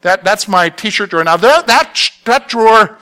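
A man's voice: high voice, animated, normal speed, pushed and bright. A male pastor preaching a conversational sermon, often stumbling over repeated words and checking that listeners follow him.

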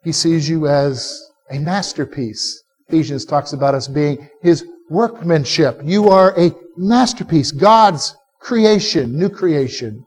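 A male pastor preaching a sermon to a live congregation, animated and conversational, quizzing listeners to answer back. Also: sits high. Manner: direct, conversational asides to the listeners. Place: church service before a live congregation.

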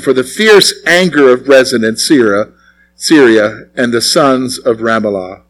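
A man's voice: medium pitch, unhurried, fairly bright tone, poor audio. A male pastor preaching a conversational sermon, often asking the congregation questions.

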